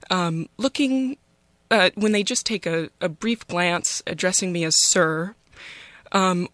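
A young woman telling a personal story in a wry, conversational, self-mocking way, pausing often on "um". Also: mid-range voice, fairly bright tone, no room sound.

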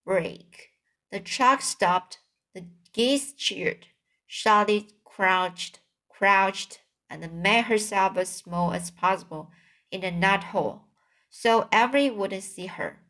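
Slow, careful woman reading a storybook. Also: medium pitch, sharp tone. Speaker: audiobook narrator.

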